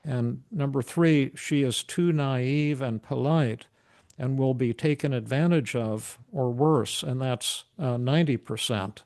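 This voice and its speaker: An older man, a psychiatrist leading a live therapy demonstration, speaking gently and affirmingly. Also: mid-range voice, a little slow.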